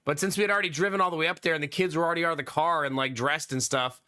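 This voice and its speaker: A man streaming live, telling a story casually to his chat in an animated, exasperated way and laughing often. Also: a little high, rapid-fire, clear, resonant tone. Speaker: live streamer chatting with viewers.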